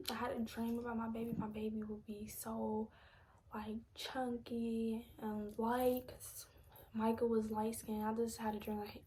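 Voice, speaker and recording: A young woman telling a personal story on a live stream, speaking softly and slipping into a breathy near-whisper as she holds back tears. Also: on the high side, slight background noise. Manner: soft-spoken, drops often into a breathy near-whisper. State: emotional, holding back tears.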